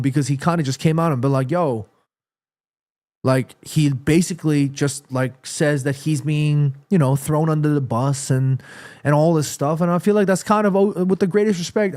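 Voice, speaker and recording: Tired live-stream host with a fairly high voice, rambling through animated football opinions. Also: male voice. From born in South Korea, raised in New York City. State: tired and under the weather. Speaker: livestream host.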